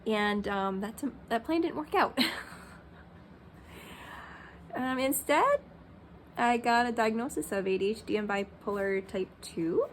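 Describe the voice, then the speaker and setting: A woman's voice: on the high side, animated, unhurried, pauses often, slight background noise. A woman in her thirties talking candidly in a personal vlog, rambling with many fillers like "um" and "like". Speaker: Christian vlogger.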